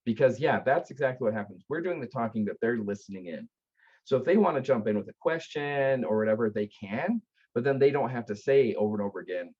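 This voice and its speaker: A man, founder of an aftercare company, telling stories in an earnest, animated way with frequent restarts. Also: mid-range voice, quick pace, lo-fi sound. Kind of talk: conversational storytelling.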